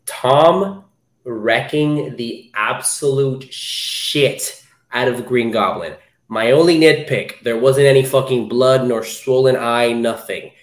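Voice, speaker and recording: A young man co-hosting a podcast, chatting excitedly about a movie, swearing freely. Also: medium pitch, takes it slowly. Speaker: podcast co-host. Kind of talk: casual chat, movie talk. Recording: roomy echo.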